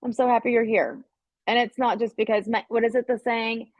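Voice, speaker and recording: A woman's voice: on the high side, flat delivery, a little fast, dry recording, dull audio. A woman hosting a casual livestream, rambling and swearing as she talks straight to her viewers. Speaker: livestream host. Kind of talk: casual live-stream chat.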